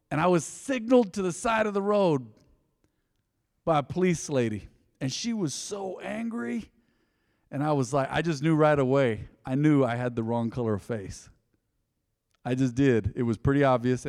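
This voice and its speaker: A man's voice: fairly high pitch, long reverb tail. A man preaching a sermon, telling stories in a conversational way and calling out to the congregation. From United States. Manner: conversational, storytelling, engaging the crowd. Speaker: pastor. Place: church hall.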